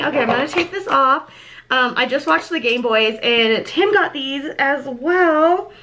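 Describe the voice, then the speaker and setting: A young woman recording a casual unboxing vlog, excitable and chatty, with lots of ums and little gasps. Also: high voice, normal speed. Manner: bubbly and excitable, many ums. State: slightly out of breath. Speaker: vlogger.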